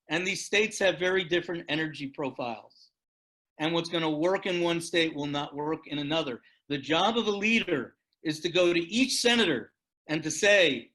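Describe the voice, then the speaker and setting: A man's voice: on the high side, normal speed, bright, forceful tone. A man giving a lecture on leadership, telling stories and praising audience answers. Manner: storytelling and encouraging.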